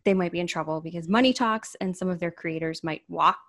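A woman's voice: on the low side, fast talker, fairly bright tone. A woman co-hosting a marketing news podcast, delivering news with dry, wry commentary. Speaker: podcast co-host. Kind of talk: casual news chat.

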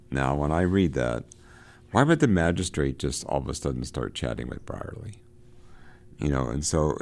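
A man with a very low, deep voice reads passages from a novel, slowing down and leaning on the words. Between passages he talks them over like a teacher, halting and restarting, full of fillers. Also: vocal fry, a little mellow. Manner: halting, many fillers and restarts in his own comments; reads passages slowly and with emphasis. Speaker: literature teacher reading and discussing a novel. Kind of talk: reading aloud and commenting on a book.

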